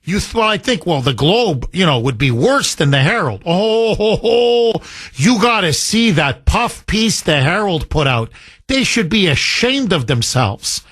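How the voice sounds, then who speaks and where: A man's voice: high voice, sing-song, measured pace, a bit bright, slightly rough, no echo, clean studio sound. A male talk radio host, emphatic and sarcastic, taking calls from listeners. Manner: emphatic and sarcastic, mocks opponents with sing-song voices. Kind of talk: opinionated talk radio monologue.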